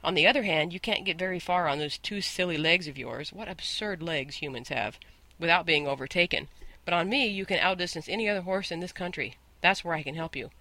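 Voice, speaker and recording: A man's voice: fairly high pitch, fairly quick, bright, forceful tone, dry recording. Man voicing a proud talking war horse. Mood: lecturing. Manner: scornful, lecturing, grand.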